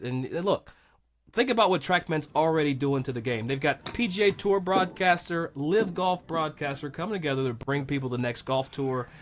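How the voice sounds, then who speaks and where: Chatty, excitable male golf commentator. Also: fairly high pitch, a little fast, a little hiss or hum.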